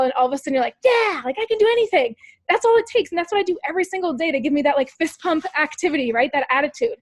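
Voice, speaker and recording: On a sales call she's leading, a woman whose voice sits high, captured dry, gives her team an upbeat motivational talk. She coaches them directly in a peppy way, full of rhetorical questions, "like" and "you guys."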